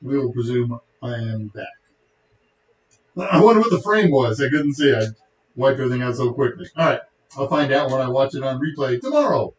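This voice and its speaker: A man's voice: mid-range voice, expressive, fairly quick. A middle-aged man with a Texan accent, hosting a tech show in a casual, rambling way full of joking asides. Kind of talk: casual livestream chat. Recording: echoey room.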